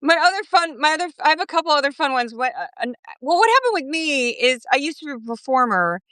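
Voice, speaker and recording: A middle-aged woman talking as a guest in a casual interview, lively and quick, laughing between thoughts. Her voice is bright and a little high. The phone sound is dry and close. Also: dry recording. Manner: animated, quick, laughing asides. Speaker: podcast guest.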